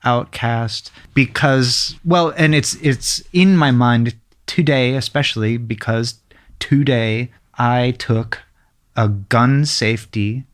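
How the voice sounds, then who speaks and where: A man's voice: mid-range voice, slow. A man talking thoughtfully in a casual conversation, building up to his point.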